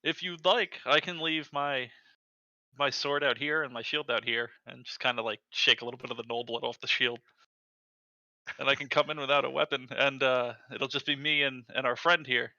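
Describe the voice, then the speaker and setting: A man's voice: medium pitch, fairly even intonation, normal speed, sharp tone, dry recording, dull audio. A man voicing his character in a tabletop game, polite and earnest with hesitant fillers. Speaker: player. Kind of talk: in-character tabletop role-play.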